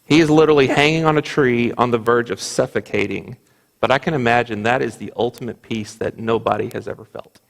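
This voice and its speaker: A man's voice: mid-range voice, a little fast, vocal fry. A man teaching a Bible class in a church, speaking earnestly, quoting scripture and often restarting his sentences. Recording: reverberant church hall.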